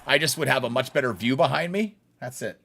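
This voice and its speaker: A man's voice: mid-range voice, a little fast, creaky, fairly bright tone. A young adult man live streaming a baseball video game, chatting bluntly and casually with his viewers and laughing often. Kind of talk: live gaming stream chat.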